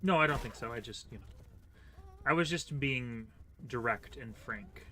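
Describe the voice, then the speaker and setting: A man talks loosely over a co-op game session, stumbling through fillers and laughing at his own tangents. His voice is bright and a little pressed, with a faint background hum. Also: medium pitch, lively intonation, normal speed. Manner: rambling, many fillers, chuckling. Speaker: gaming channel host. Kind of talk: casual co-op gameplay chat.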